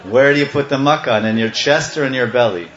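A man's voice: mid-range voice, brisk, over a noisy crowd, heavy background noise. Brief: male storyteller-preacher, playful and chanting, muffled echoey recording. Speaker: devotional speaker. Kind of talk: devotional storytelling sermon. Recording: echoey, slightly muffled room.

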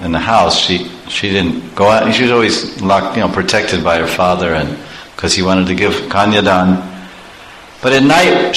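A man preaching in an animated storytelling way, chuckling often. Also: on the low side. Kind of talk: storytelling sermon. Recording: echoey room, faint background noise.

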